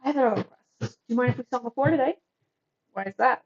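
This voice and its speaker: A woman's voice: on the high side, racing, muffled recording, close to an everyday voice. A woman voicing a shy, anxious young woman who talks hesitantly and formally.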